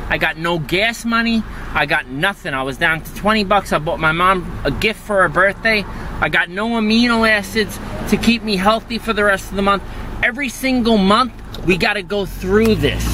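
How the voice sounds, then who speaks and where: A man rants furiously into his camera at a very high, strained pitch, his words dragging slowly between shouted outbursts. He swears in nearly every line. Loud traffic noise from the roadside runs under his voice the whole time. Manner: furious, profane, shouting in bursts. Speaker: vlogger. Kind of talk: angry vlog rant.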